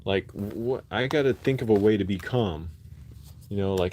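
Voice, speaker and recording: A man's voice: fairly low pitch, normal speed, noisy background. A man chatting casually on a phone live stream from his bedroom at night, rambling with lots of fillers and restarts. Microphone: phone held close.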